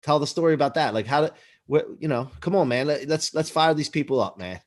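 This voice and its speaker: A man's voice: fairly high pitch, lively intonation, brisk. A man from Pennsylvania hosting an interview, encouraging his guest to tell his story. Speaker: podcast host. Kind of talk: conversational interview.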